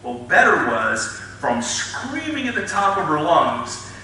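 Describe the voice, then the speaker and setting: A middle-aged man, a chiropractor, speaking to an audience and telling patient stories with lively, acted-out moments and frequent laughs. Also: a little high, slow, far from the mic. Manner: animated storyteller, acts out scenes, laughs often. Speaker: chiropractor giving a talk. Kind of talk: storytelling talk to an audience. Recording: echoey hall, speaker off mic, faint noise.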